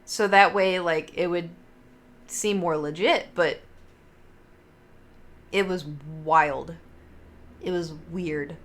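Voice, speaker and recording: Chatting casually with her livestream audience, a young woman wanders through stories full of filler words and cursing. Her pitch is fairly low and her intonation fairly even, and she speaks slowly, often pausing.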